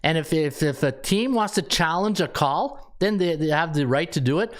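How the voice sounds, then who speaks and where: Excitable rambling man hosting a podcast. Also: on the high side, normal speed. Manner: rambling and excitable, laughing at his own lines; ranting, with many restarts. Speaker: sports betting podcast host. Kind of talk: casual sports betting chat.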